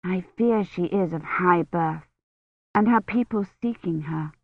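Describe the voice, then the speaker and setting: A woman voicing a gentle medieval noblewoman who speaks softly and carefully. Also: on the low side, unhurried, breathy edge, no room sound, narrow, tinny audio. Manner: soft and careful.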